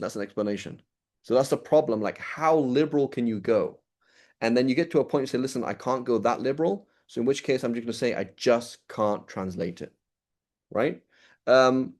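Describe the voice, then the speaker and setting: Mellow-voiced man teaching a class. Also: medium pitch, animated, fairly quick. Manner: explanatory, checks in with "right?" often. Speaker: Quran teacher. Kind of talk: informal Quran study class.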